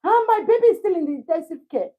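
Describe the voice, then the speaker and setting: A Nigerian woman in her thirties telling a personal story to a live chat in a casual, animated way, laughing often and slipping into pidgin. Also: very high voice, quick pace, highs cut off, soft background music. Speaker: livestream host.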